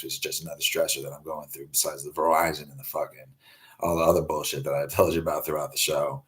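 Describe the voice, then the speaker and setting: A man hosting a live show, telling rambling stories full of swearing. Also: extremely low pitch. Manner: swears constantly, rambling and animated. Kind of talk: profane live-stream storytelling.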